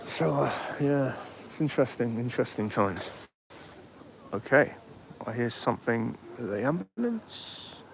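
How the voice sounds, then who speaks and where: An animated man with a medium-pitched voice and vocal fry takes his time as he hosts a casual livestream outdoors by a street. He rambles, chats, and reads viewer comments, and faint street noise sits behind him.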